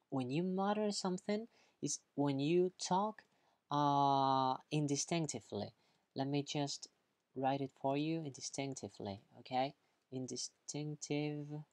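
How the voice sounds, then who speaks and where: In an online grammar lesson, a cheerful, talkative English teacher speaking at a middle pitch guides learners through vocabulary. They often pause with a quick "okay?" to check understanding. They act out every example playfully and laugh at their own jokes.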